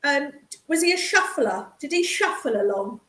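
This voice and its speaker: Woman, psychic medium, swooping lively pitch, affectionate chatter. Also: moderate pace, roomy sound. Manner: animated, affectionate, calls sitter darling. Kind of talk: live psychic reading.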